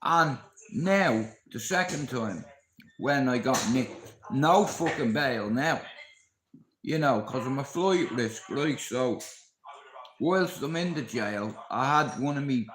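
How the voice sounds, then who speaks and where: A man's voice: mid-range voice, takes it slowly, reverberant, noisy background. A man with a Dublin accent, a live streamer telling his viewers a story in a blunt, casual way, swearing freely. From Ireland. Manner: blunt, heavy swearing, lively retelling.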